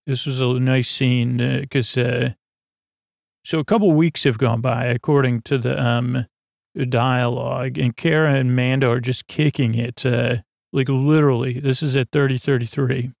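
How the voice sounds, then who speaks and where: A man hosting a sleep podcast, recapping an episode in a rambling, halting way full of fillers and restarts. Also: mid-range voice, fairly even intonation, vocal fry, a little mellow, dry recording, studio quality.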